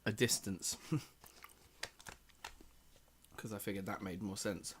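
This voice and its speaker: A man's voice: fairly low pitch, steady tone, slow pace, noisy background. A man rambling casually to himself about his game code while eating pizza. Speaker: game developer. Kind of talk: casual thinking-aloud coding vlog.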